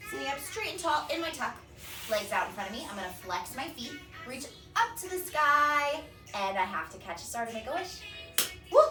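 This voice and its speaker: A woman's voice: a little high, reverberant. Young woman, kids' dance teacher, encouraging, counting beats, camera far across the room, music behind. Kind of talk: upbeat kids' dance class instruction. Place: home workout room. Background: music playing.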